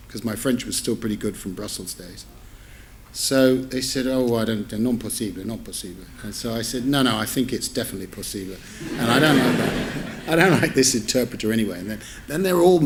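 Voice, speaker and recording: A middle-aged man in a mid-range voice, a newspaper editor, gives a public lecture in a lecture theatre before an audience. He tells an amused, meandering anecdote, chatting, interrupting himself with corrections and amused asides, over slight background noise.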